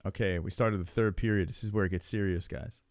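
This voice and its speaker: A man in his forties with a New York accent, rambling and swearing in casual live stream chat while high, chuckling often. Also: fairly even intonation, a little fast, a little mellow, no echo, clean studio sound. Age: 40s.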